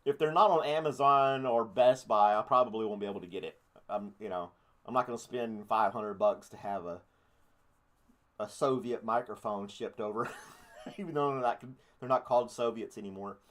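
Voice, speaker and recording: A man's voice: fairly low pitch, moderate pace, a bit bright. A man hosting a casual live-stream podcast, rambling through offhand thoughts with jokey, crude asides. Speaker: podcast host.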